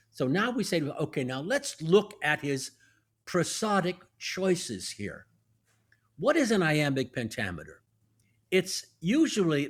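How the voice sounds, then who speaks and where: Lively teacherly man, slightly high voice. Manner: teacherly, lively, walks through examples step by step. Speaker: guest, actor and professor. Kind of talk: explanatory podcast conversation.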